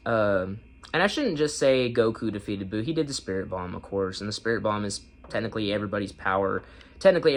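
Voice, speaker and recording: A man giving a casual, rambling anime episode review in slangy talk, often breaking into high-pitched laughs. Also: animated, fast talker, soft background music.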